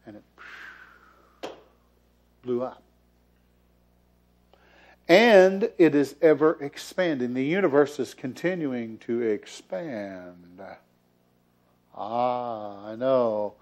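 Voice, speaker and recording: In a church sanctuary, a man preaches to his congregation as their minister, joking playfully and chuckling often. He speaks slowly in a medium-pitched, slightly mellow voice and pauses often.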